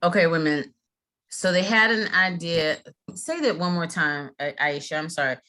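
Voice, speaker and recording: Brief: middle-aged woman trainer, bright tone, lowish voice, chatty with restarts, video call. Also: animated, moderate pace. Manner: chatty, frequent fillers and restarts. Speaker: mediation trainer. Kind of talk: casual training talk.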